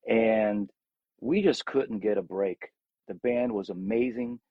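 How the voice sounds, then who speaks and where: A man's voice: on the low side, slow pace, dry recording, phone-quality sound. A middle-aged man, a rock singer, telling stories from his career in a casual interview and acting out the voices of people in them. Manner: animated storyteller, acts out quotes.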